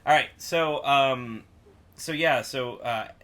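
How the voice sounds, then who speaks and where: A man's voice: mid-range voice, slow pace, fairly bright tone. A young man in a band, casually rambling through tour stories on a livestream chat and laughing often. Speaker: band member co-host.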